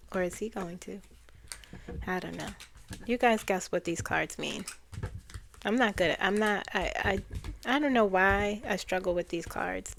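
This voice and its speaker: A woman's voice: medium pitch, creaky, slight background noise. A woman doing a casual tarot card reading for viewers, musing aloud and trailing off. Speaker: tarot reader.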